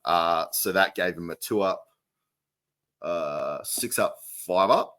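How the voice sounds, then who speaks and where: A man's voice: low voice, slow pace, bright, forceful tone, no room sound. A man co-hosting a podcast in casual chat, rambling through details with many fillers and restarts. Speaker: podcast co-host.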